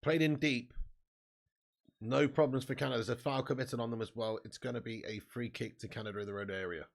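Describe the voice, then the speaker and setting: A man's voice: mid-range voice, steady tone, brisk, creaky. A man hosting a live football watch-along from a room at home, chatting and reading out viewer comments. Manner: chatty, reads out chat comments.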